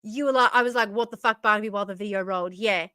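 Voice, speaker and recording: A woman's voice: medium pitch, very fast, sharp tone, clear, resonant tone, no room sound, studio quality. A woman hosting a stream, ranting in exasperation and swearing as she reacts to the news. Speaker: streamer host.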